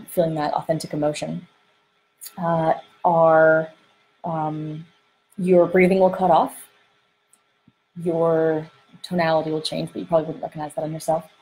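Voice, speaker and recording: Animated woman coaching on emotions. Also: low voice, slight background noise, low-quality recording. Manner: animated, acts out inner voices, frequent fillers. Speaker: dating coach. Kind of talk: podcast-style teaching monologue. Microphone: close microphone she bumps while gesturing.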